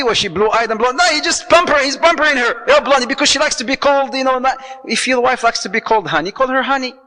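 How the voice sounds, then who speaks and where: A man giving a lively sermon on marriage as a preacher, telling stories, acting out the people in them and mixing in Arabic phrases. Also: extremely high pitch, long reverb tail, low-quality recording. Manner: lively storytelling, acts out quoted voices, mixes in Arabic phrases.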